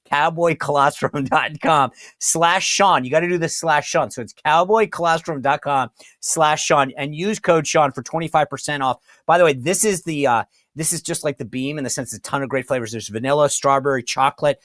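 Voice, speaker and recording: A man's voice: on the high side, brisk, fairly bright tone, no room sound, clean studio sound. A man hosting a talk show, chatting loosely through sponsor reads and stumbling over words. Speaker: podcast host. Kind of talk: casual host talk with ad reads.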